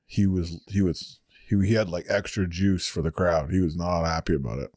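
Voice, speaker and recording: A man co-hosting a podcast, talking in a loose, casual way. His voice sits a little low, and the sound is dry and close. He laughs a lot and stumbles into repeated words. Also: steady tone, moderate pace, a little mellow, dry recording. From Canada. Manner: laughs often, restarts with stammering repeats. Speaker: podcast co-host. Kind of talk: casual chat.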